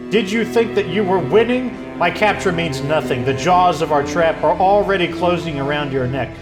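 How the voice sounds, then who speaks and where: A cold, vengeful noblewoman villain sneers out her threats, as a man reads her lines from a game. The delivery sits a touch high, and soft music hums underneath. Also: normal speed, lightly acted. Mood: menacing. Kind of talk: reading game dialogue aloud.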